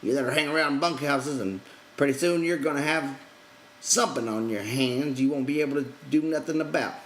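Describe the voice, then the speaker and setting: A man's voice: mid-range voice, fairly quick, fairly bright tone, a little hiss or hum, voice pushed up, lightly acted, low-quality recording. A man voicing a blunt, contemptuous ranch hand who talks in scornful threats.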